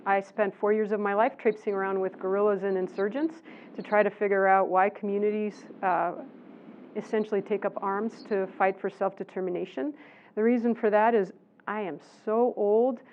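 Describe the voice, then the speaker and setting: A woman's voice: medium pitch, fairly even intonation, normal speed, a little hiss or hum. A professor in her sixties fields audience questions in a lecture setting, speaking with a plain mid-range voice. She talks emphatically, hammering points home by repeating them. The recording is thin and tinny, like a phone line. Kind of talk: lecture Q&A answer.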